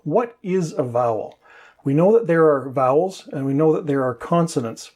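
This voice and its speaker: Male English teacher, slightly high, husky voice, patient step-by-step explainer. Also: animated, normal speed, darkish tone.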